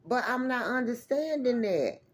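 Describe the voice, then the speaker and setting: A woman's voice: fairly high pitch, animated, measured pace. A woman vlogger telling a rambling, emphatic story to her viewers in a casual way, swearing freely and calling out to them as y'all.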